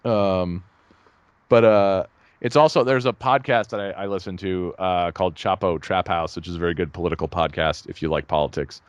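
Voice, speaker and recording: Male co-host, casual rambling chat, low-ish voice, dead dry recording. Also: normal speed, smooth, no room sound, muffled recording. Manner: rambling, animated, laughs at own jokes. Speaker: podcast co-host.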